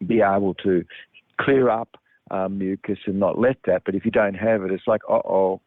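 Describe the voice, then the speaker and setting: Guy with a lowish voice going on and on with lots of ums, dry phone-quality sound. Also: fairly even intonation, moderate pace, no room sound. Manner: meandering, with many ums and restarts. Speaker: health talk presenter. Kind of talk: rambling monologue. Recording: tinny phone-like line, dry.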